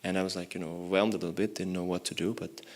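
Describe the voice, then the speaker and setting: A man's voice: low voice, level tone, racing, darkish tone, a little hiss or hum. A young man, a monk, giving a morning lecture in a temple, telling a story in a loose, conversational way with many "you know"s. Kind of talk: storytelling sermon.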